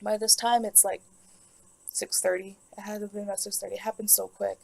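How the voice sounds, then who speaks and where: A woman's voice: medium pitch, little pitch movement, a little fast, creaky, low-quality recording. A young woman telling a personal story in a vlog, rambling and emotional, with lots of "like". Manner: rambling, emotional, heavy use of "like". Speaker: vlogger.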